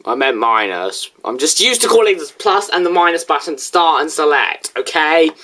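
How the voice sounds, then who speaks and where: A young video reviewer in casual, rambling commentary, answering a critic with restarts and asides. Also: normal speed. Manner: rambling, restarts, lively pitch swings.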